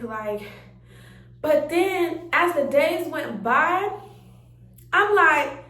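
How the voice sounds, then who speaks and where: A young woman, telling a story in an animated, chatty way and acting out her own reactions. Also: sits high, drawn-out words, pauses often, a little hiss or hum. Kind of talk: casual storytime chat. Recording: roomy sound, mic a bit far off.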